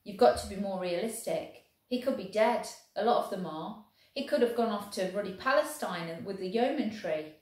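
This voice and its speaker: A woman's voice: medium pitch, lively intonation, normal speed, a little mellow, natural voice. Woman doing an exasperated soldier, blunt, scolding, echoey room.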